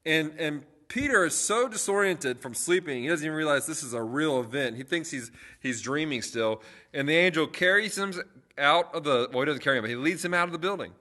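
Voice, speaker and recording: A man's voice: on the high side, animated, fairly quick, bright, forceful tone. A young man, a youth pastor, chatting casually on a livestream and telling stories with lots of fillers and restarts.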